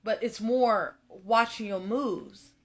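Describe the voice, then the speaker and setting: Speaking slowly in a fairly high, slightly bright voice, a young tarot reader talks straight to her audience in a casual spiritual monologue. She is emphatic, repeats herself, swears a lot, and gets tearful at times.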